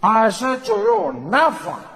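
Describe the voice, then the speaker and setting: A man doing an impression of a grand elderly male statesman, speaking in slow, solemn, drawn-out oratory. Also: very high voice, wildly swooping pitch, creaky, fairly bright tone, long reverb tail, voice pushed up, exaggerated voice, poor audio.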